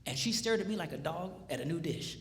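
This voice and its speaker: A man's voice: on the high side, fast. A male pastor giving a comedic seminar talk, telling stories and acting out the dialogue. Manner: animated storytelling, acting out dialogue. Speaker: pastor and marriage speaker. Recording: echoey hall reverb, faint noise.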